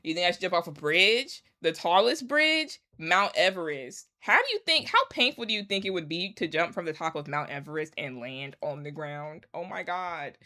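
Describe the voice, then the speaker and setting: Woman vlogger, lowish voice, casual emphatic rant with a sarcastic edge. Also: animated, moderate pace, few pauses, bright, forceful tone. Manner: emphatic, sarcastic, repeats points. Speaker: commentary vlogger.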